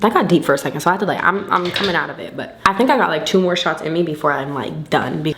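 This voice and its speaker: A woman's voice: low-pitched, quick pace, vocal fry, fairly bright tone, echoey room, slight background noise. A tipsy young woman rambling loosely through a get-ready-with-me vlog, slangy and full of swearing. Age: young adult. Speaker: beauty vlogger.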